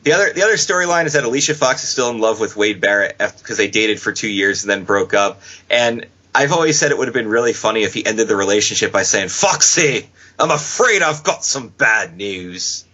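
A man hosting a casual podcast, chatting and joking with quick asides. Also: lowish voice, sharp tone. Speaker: podcast host. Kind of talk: casual wrestling podcast chat. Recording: dull lo-fi podcast audio.

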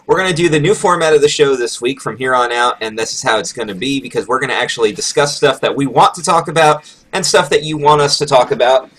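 A man hosting a podcast in casual chat, talkative and quick to laugh. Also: medium pitch, a bit bright, low-quality recording. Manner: chatty, laughs easily. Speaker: podcast host.

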